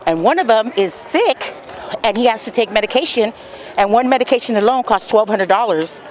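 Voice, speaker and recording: A woman's voice: fairly high pitch, lively intonation, brisk, slight background noise. A woman speaking plainly and sadly at an outdoor rally. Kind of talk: rally testimony.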